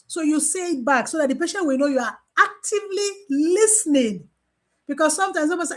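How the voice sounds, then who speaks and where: High-voiced woman teaching. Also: fairly quick. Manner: animated, repeats key phrases, acts out exchanges with patients. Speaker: mental health nurse and trainer. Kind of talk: informal training talk.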